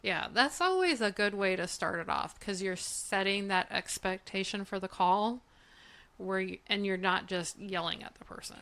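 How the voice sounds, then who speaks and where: A woman's voice: medium pitch, moderate pace. A woman co-hosting a podcast, chatting casually and laughing easily while explaining hotel and car bookings. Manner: relaxed, laughs often, explains from her booking job. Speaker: podcast co-host. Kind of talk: casual chat.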